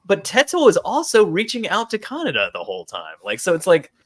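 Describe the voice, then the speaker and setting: A man's voice: sits high, huge pitch swings, brisk, fairly bright tone. A man co-hosting a casual podcast chat, rambling with lots of fillers and acting out quotes. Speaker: podcast co-host.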